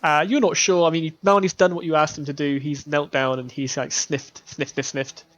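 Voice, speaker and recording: A man's voice: a little high, little pitch movement, normal speed, a bit bright. A man running a tabletop game as game master, narrating with a hesitant pace full of fillers. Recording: dull lo-fi stream audio.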